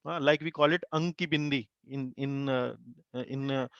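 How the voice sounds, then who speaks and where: A man, a Hindi speaker, teaching an online class, explaining slowly with many fillers and repeated syllables. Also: mid-range voice, fairly even intonation, dry recording, highs cut off. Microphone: video call.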